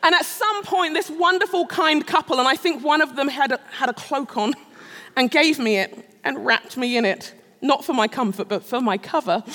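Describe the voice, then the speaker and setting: A woman's voice: high voice, lively intonation, a little fast, pushed and bright. A middle-aged woman preaching a sermon, telling a personal story with self-mocking humor and frequent laughter. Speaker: speaker at a Christian gathering. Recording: long reverb of a large hall.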